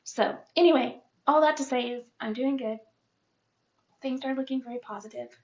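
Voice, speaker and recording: Chatty woman in her fifties, gravelly. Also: high-pitched, moderate pace, a little mellow, highs cut off. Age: 50s. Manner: candid and chatty, with fillers. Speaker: vlogger. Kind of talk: personal health update vlog.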